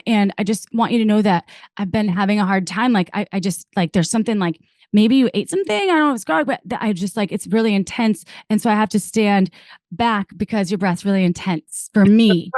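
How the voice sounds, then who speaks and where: Brief: woman podcast host, chatty rambling storyteller, dry close sound, mid-pitched voice. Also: no echo. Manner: rambling, animated storytelling with many fillers. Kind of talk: casual podcast chat.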